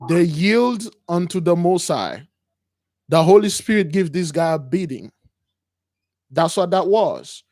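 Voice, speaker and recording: Male call-in host with a high voice and a dry, close sound. Emphatic, repetitive preaching style. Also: animated, a little slow, pauses often, darkish tone, no echo. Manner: emphatic, repetitive, keeps addressing listeners as brothers. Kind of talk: preaching to callers.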